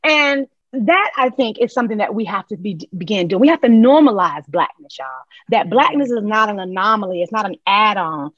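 A woman's voice: mid-range voice, expressive, fairly quick, hardly any pauses, a bit bright, no room sound, lo-fi sound. Emphatic woman with a North Carolina accent. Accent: North Carolina Southern. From Charlotte, North Carolina. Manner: emphatic, passionate, tag questions. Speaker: guest. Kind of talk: podcast conversation.

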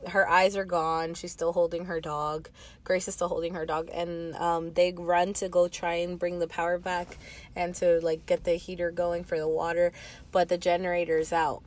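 A woman's voice: lowish voice, level tone, normal speed. A woman casually recapping a movie, often backing up her friend and filling in plot details. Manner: backchannels a lot, fills in plot details.

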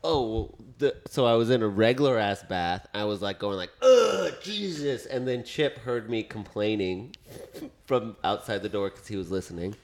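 Animated man telling a comic story. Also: lowish voice, normal speed. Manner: animated storyteller, acts out quotes. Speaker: podcast host. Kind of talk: casual comedic chat.

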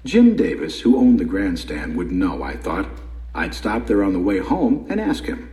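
A man narrating a first-person story for an audiobook in a lively storytelling way, with a roomy echo. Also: deep voice, moderate pace.

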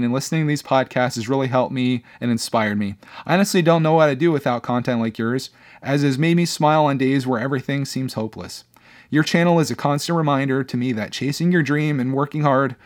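Earnest chatty male podcast host. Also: medium pitch. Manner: chatty, earnest, many fillers and restarts. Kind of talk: casual solo podcast talk.

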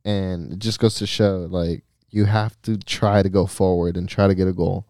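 A man's voice: sits low, level tone, normal speed, mellow, no room sound, clean studio sound. A man co-hosting a soccer podcast, laid-back and casual, saying "bro" a lot and mixing in Spanish. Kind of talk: casual sports chat.

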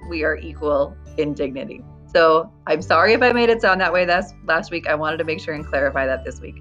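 A woman's voice: sits low, a little fast, a bit bright, dull audio, faint music behind. A young woman co-hosting a casual podcast from home, a chatty storyteller who laughs often. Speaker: podcast co-host.

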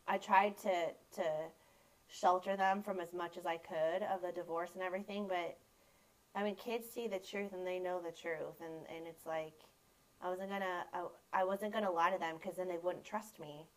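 A woman's voice: on the low side, steady tone, normal speed, rough recording. A woman in her thirties, a photographer guest on a podcast, openly telling stories about her kids in casual chat. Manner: open, warm storytelling about her kids.

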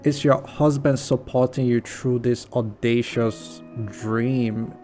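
A man's voice: medium pitch, steady tone, slow pace, warm tone, soft background music. A man hosting a faith-centered podcast interview, talking reflectively and often saying "like" as he thinks aloud. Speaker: podcast host. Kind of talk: conversational interview.

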